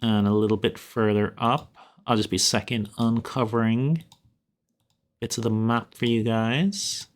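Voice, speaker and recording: Slow-talking Irish man running a game. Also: on the low side, fairly even intonation. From Ireland. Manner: slow, laid-back, chuckling often while reading chat. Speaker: game master and streamer. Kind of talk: casual live-stream chat while running a tabletop game.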